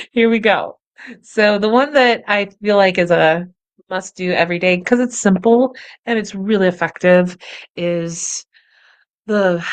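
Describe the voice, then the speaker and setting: A woman leads a guided meditation in a calm, gentle manner, her voice sitting a little low. She often lets her words drop to a soft, quiet hush as she breathes along with the listener. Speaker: meditation and wellness instructor.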